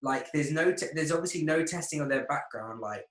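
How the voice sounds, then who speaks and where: Guy ranting on a podcast, swears loads, kinda higher voice, room echoes a bit. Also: a little fast. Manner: heated, swears a lot, restarts sentences. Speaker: podcast co-host. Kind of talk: casual chat.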